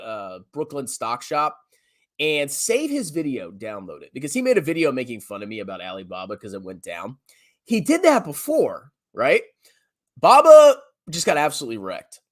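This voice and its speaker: Lively, slangy finance-channel man. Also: a little high. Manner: animated, slangy, laughs often. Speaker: personal finance YouTuber. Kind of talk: casual livestream reading viewer comments.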